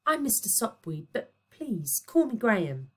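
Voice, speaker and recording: A woman reading aloud puts on a timid, dithering headmaster, pitched higher than her own voice. He sounds meek and unsure of himself. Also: very animated, a little slow. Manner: meek, hesitant.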